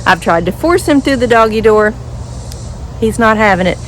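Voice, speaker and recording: A woman's voice: on the high side, lively intonation, moderate pace, fairly bright tone, slight background noise, low-quality recording. A woman chatting casually to camera as a vlogger, outdoors at home. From Western Kentucky. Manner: chatty, talks to her dogs in a sing-song voice.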